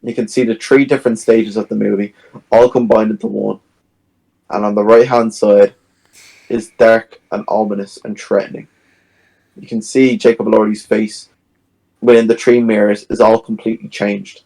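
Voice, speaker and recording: Gravelly low-voiced man retelling a film. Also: normal speed, low-quality recording. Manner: animated retelling, acts out scenes. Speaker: podcast co-host. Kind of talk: casual film discussion.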